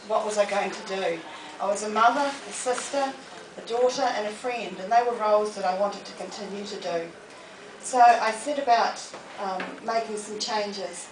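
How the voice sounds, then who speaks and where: A woman, giving a lively, humorous motivational talk to a live audience in a library. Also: medium pitch. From New Zealand. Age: 40s. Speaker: motivational speaker. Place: public library hall. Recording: echoey room, distant mic, noisy.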